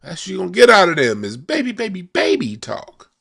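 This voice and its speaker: A man's voice: high-pitched, sing-song, fairly quick, gravelly, a bit bright, slightly rough. A man hosting a casual card-reading monologue, talking in loose slang with frequent restarts and repeated words. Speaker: card reader, channel host.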